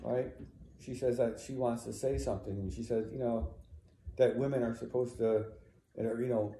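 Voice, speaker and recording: A man's voice: medium pitch, fairly even intonation, moderate pace, dark tone, slight background noise. A man reading a play aloud and explaining it in a conversational way, often checking in with "right?". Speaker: teacher. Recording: roomy echo.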